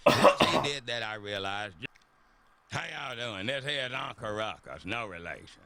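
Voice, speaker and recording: Uncle Ruckus, a gravelly old grouch. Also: male voice, fairly low pitch, expressive, moderate pace, pushed and bright, heavily acted. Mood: scornful. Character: bitter old man with a drawling, scornful voice. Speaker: cartoon character in a played clip.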